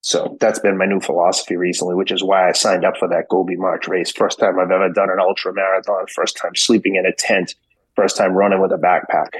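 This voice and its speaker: Husky, profane man in his fifties. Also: deep voice, flat delivery, brisk, no echo, low-quality recording. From Boston. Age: 50s. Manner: profane, acts out both sides of conversations. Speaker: guest. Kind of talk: animated storytelling.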